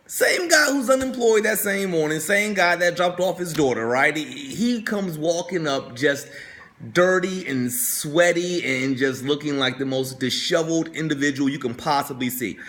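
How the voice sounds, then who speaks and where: A male coach tells a story during a motivational talk, his voice slightly high and fairly bright, moving at a normal speed. He speaks conversationally, repeats words, and keeps checking in with listeners by asking "right?"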